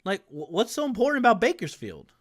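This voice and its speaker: A man voicing a wary, weary sibling who speaks haltingly and quietly. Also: high-pitched, huge pitch swings, pitched above the performer's own voice, exaggerated voice. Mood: uneasy. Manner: halting, hushed, uncertain.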